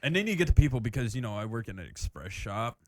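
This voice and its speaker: A man's voice: mid-range voice, big pitch swings, fast, no room sound, studio quality. A man from Michigan, a guest on a casual podcast, talking profanely and laughing a lot as he reads. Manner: profane, laughs through his reading. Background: music.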